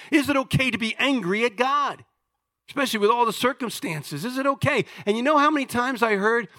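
A male preacher with a high, bright, forceful voice delivers a sermon. He talks conversationally, full of restarts and rhetorical questions, and swings from loud emphasis to hushed asides.

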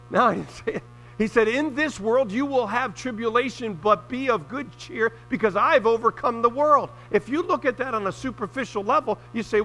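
A middle-aged male pastor preaching a sermon earnestly, rising loud when he quotes scripture. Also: high voice, slight background noise, poor audio.

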